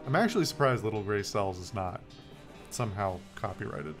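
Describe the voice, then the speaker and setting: A man's voice: lowish voice, expressive, brisk, music in the background. Wry man reading game text aloud. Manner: wry, joking, rambling. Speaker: let's play host.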